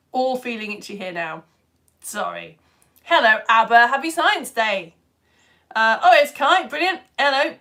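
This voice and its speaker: A middle-aged woman from the UK with a cough and cold, chatting casually as she hosts a live children's science show and reads out viewer comments, giggly and at times dropping to soft asides. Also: a little high. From United Kingdom. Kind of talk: casual live-stream chat reading comments. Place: at home on the sofa.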